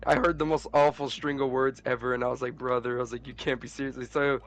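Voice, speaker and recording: Gravelly young man trash-talking over voice chat. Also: medium pitch, steady tone, fast. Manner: profane, joking, drawling anecdotes. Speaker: streamer. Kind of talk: casual gaming chat with friends.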